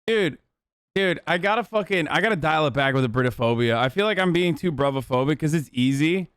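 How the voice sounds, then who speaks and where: A man's voice: on the high side, lively intonation, fairly quick, a bit bright, smooth, no echo. Profane, rambling male streamer. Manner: loose and profane, rambling with fillers. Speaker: livestreamer. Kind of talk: casual stream chat.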